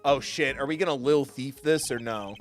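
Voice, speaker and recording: A man's voice: medium pitch, normal speed, soft background music. A man streaming a game live, commenting in a casual, jokey way. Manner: jokey and reactive, swears casually.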